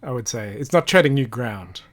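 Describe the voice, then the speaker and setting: A man's voice: mid-range voice, lively intonation, a little fast, a bit bright. A man co-hosting a live watch party, asking questions and giving his opinions about an episode in casual conversation. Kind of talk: casual chat reacting to a TV episode.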